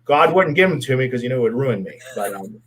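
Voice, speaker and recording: Man, middle-aged, husky, mid-pitched, earnest storyteller, repeats himself. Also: lively intonation, fast, rough recording. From Pittsburgh area, US. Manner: earnest, heartfelt, repeats words. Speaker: guest, former police officer and advocate. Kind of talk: storytelling in a casual interview.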